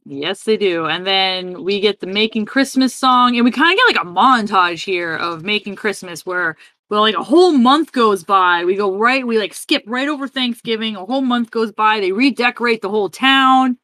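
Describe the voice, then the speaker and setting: Female podcast co-host, bright tone, dry close mic, chatty film recap. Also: mid-range voice, moderate pace, no echo. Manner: chatty, animated retelling with filler "like" and "yep". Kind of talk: casual chat recapping a film.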